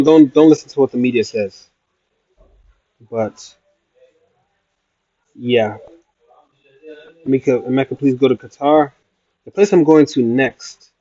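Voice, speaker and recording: On a casual travel livestream from Iraq, a man with a dark, slightly rough mid-range voice playfully chats while reading and answering viewers' questions. The audio is dull with no room sound.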